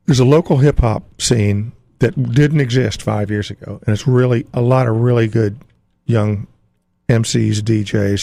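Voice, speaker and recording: A man's voice: fairly low pitch, creaky, darkish tone, no echo, clean studio sound. A man giving weekend entertainment picks as a radio guest, in a chatty, self-joking manner. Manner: chatty, quick asides, laughs at himself.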